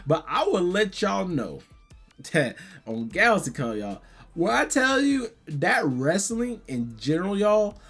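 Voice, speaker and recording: A man, hoarse from yelling, chatting casually to his vlog viewers and saying "y'all" again and again. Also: sits high, very animated, measured pace, soft background music. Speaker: gaming and convention vlogger.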